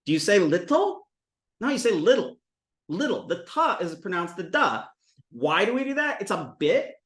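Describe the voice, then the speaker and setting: A man from the United States lectures to a Sanskrit class in a playful, thinking-aloud way. His voice is bright and swoops up and down a lot. The room rings with echo around him. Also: sits high, very animated, fairly quick. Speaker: Sanskrit teacher.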